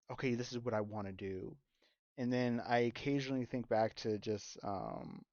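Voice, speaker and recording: A man's voice: medium pitch, a little mellow, no room sound. Chatty laughing guy, muffled mic. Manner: laughs often, rambling asides. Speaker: podcast co-host. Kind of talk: casual chat. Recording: dull lo-fi mic.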